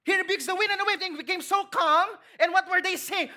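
A woman's voice: very high-pitched, moderate pace, hardly any pauses, pushed and bright. A woman with a Filipino accent preaching a sermon, asking the congregation questions and acting out quotes.

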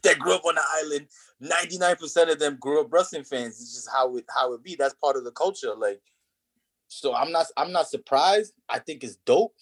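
Hyped guy ranting about wrestling, lots of slang and cussing, kinda high voice. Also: fairly quick, slightly rough. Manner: animated, profane street slang. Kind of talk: casual wrestling podcast chat.

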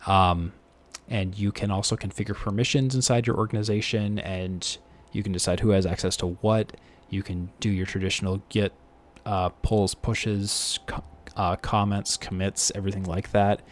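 Low-voiced man casually talking tech. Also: steady tone, normal speed. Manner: rambling, self-deprecating, frequent restarts. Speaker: podcast co-host.

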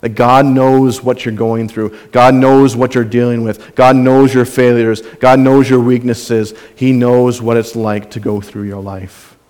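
A man's voice: mid-range voice, flat delivery, a little slow, few pauses, darkish tone, in a large hall. A man preaching a sermon as a pastor, earnest and conversational, often repeating phrases for emphasis.

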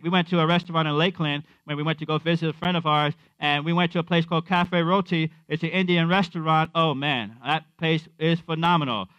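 A man's voice: on the high side, a bit bright, no room sound, lo-fi sound. A man preaching a conversational sermon, repeating his refrains and acting out quotes.

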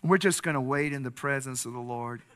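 A man's voice: medium pitch, brisk, fairly bright tone. A pastor preaching a sermon, telling stories and building to earnest, impassioned appeals to his congregation.

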